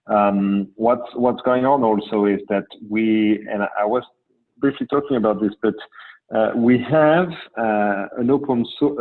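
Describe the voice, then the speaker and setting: A man with a French accent, a drone company panelist answering questions on a video call in measured, pausing explanations. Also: fairly low pitch. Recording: phone-like call audio.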